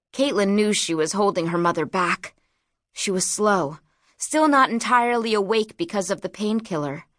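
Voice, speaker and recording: A woman narrating an audiobook in a measured, dramatic storytelling manner. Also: medium pitch, no echo, clean studio sound.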